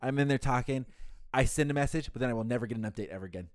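A man chatting casually with friends, rambling and swearing, with loud laughs. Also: mid-range voice, racing, no room sound, clean studio sound. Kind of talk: casual chat among friends.

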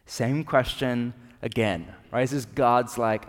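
A man's voice: mid-range voice, steady tone, slow. A man preaching a sermon as a pastor, talking conversationally and asking rhetorical questions. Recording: long reverb of a large hall.

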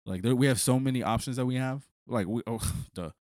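A man's voice: mid-range voice, a little fast, a little mellow, dry recording, clean studio sound. A man co-hosting a sports podcast in casual chat, rambling and often saying "like". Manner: rambling, many "like" fillers. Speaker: podcast co-host.

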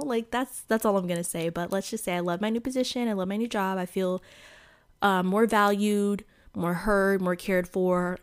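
A woman's voice: on the low side, clean tone. A woman hosting her own podcast in casual solo chat, talking to listeners with a Midwestern accent touched by a Southern country twang, chatty and full of fillers. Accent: Midwestern with a little Southern country twang. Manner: chatty, addresses listeners as y'all, many fillers. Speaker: podcast host.

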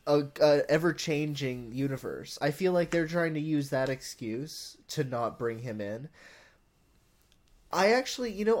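A man's voice: a little high, a little mellow. A man co-hosting a casual podcast, rambling with false starts and frequent laughter. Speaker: podcast co-host. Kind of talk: casual chat.

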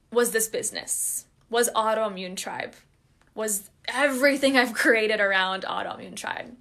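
A woman's voice: a little high, a bit bright. A young adult woman hosting a solo podcast, speaking openly and earnestly and encouraging her listeners. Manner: earnest, open and encouraging, addresses listeners directly. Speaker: podcast host and wellness coach. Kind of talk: heartfelt solo podcast talk.

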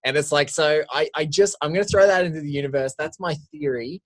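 A man co-hosting a casual film podcast, talking in long, rambling, animated stretches full of "like". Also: a little high, fast talker. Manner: rambling, animated, heavy use of "like". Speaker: podcast co-host.

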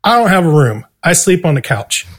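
A man, a guest, telling a story in casual, profanity-laden talk and acting out his own quoted lines with animated swings. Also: on the high side, fairly quick, husky. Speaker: guest musician.

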